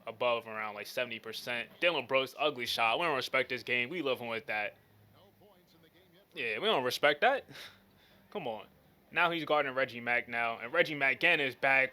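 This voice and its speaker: Bright-voiced man calling game action. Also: mid-range voice. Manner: hyped, slangy play-by-play. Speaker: gaming commentator. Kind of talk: casual play-by-play commentary.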